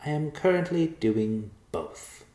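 A man's voice: lowish voice, big pitch swings, moderate pace, pitched above the performer's own voice. A man voicing a small, smug male white mouse who talks down to everyone sarcastically. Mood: snide. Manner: sarcastic, superior, indignant. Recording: roomy echo.

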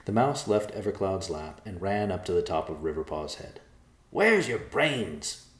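Deep-voiced man reading a story. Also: a little fast, darkish tone, a little hiss or hum. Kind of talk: read-aloud story narration. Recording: roomy echo.

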